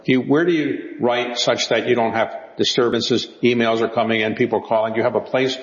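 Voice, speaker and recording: A man's voice: medium pitch, steady tone, a little fast. A man interviewing a guest, asking probing, inquisitive questions. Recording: roomy hall echo, dull sound.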